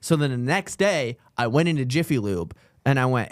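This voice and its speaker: A man's voice: medium pitch, animated, moderate pace, few pauses, dry recording, clean studio sound. A man, a comedian co-hosting a podcast, telling profane anecdotes in casual chat and acting out both sides of each exchange. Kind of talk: casual chat, comic storytelling.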